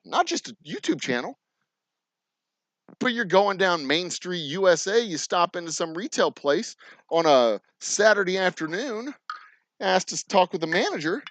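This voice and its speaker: A man's voice: high-pitched, fairly bright tone, a little hiss or hum, low-quality recording. A man with a Texan accent running a distillery's channel, ranting sarcastically with lots of swearing and mocking imitations. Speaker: distillery owner hosting a channel. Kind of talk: ranting casual talk to camera.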